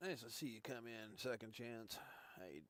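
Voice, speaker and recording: A man's voice: on the low side, moderate pace, fairly bright tone. A man chatting casually with viewers while he tours a farming game live, thinking aloud as he goes. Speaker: gaming streamer. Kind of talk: casual live-stream commentary.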